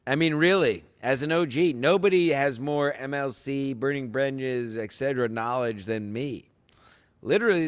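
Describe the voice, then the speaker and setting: A man's voice: mid-range voice, a bit bright, long reverb tail. Sarcastic rambling male podcast host. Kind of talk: casual solo chat.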